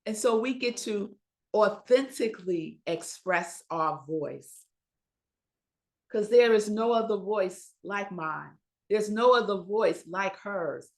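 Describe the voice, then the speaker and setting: A woman minister delivers a Sunday sermon at an unhurried, deliberate pace. Her pitch sits mid-range for a woman, and she leans on dramatic pauses and rhetorical questions to the congregation. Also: expressive. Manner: slow, emphatic preaching with dramatic pauses.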